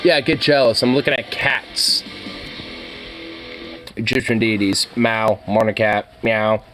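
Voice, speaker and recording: A man streaming casually, reacting to cat pictures with excitable gushing and casual swearing. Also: lowish voice, takes it slowly, faint music behind. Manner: excitable, gushing over cats, casually profane.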